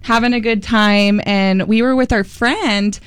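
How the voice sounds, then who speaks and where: A woman tattoo artist telling stories as a guest in a relaxed group chat. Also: fairly high pitch, a little slow, clear, resonant tone.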